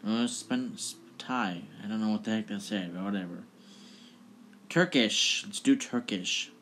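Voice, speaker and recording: A man's voice: fairly low pitch, unhurried, fairly bright tone, a little hiss or hum. A man hosting a casual video, chatty and offhand as he introduces each clip. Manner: chatty and offhand, laughing at the results. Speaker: video host. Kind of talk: casual vlog presenting.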